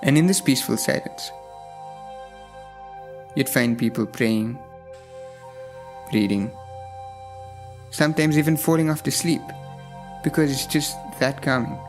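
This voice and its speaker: A man narrating his travel vlog in a calm, thoughtful voice-over. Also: medium pitch, a little slow, long pauses. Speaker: vlogger. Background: music.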